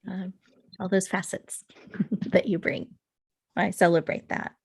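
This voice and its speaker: A woman hosting an online summit interview who affirms her guest and speaks in a measured, encouraging way. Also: lowish voice, level tone, creaky, slightly rough. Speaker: summit host.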